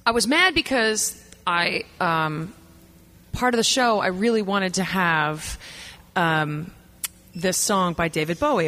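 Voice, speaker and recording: A woman's voice: fairly low pitch, fairly bright tone. A woman singer and performer, telling a candid, profane, self-mocking story to an audience between songs.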